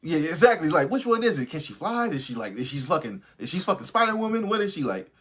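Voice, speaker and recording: A man's voice: a little high, fast, breathy edge. A young man hosting a live movie review, ranting casually with lots of swearing and laughter. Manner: profane, animated, laughs often. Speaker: host of a live review stream.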